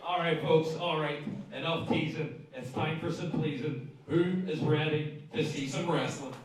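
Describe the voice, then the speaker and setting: An Irish man hosting a wrestling show as ring announcer, building hype with shouted calls to the crowd and joking asides. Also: on the high side, fairly even intonation, measured pace, recorded from a distance. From Ireland. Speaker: ring announcer and party host. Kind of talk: live event announcing with jokes. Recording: echoey arena mic from afar.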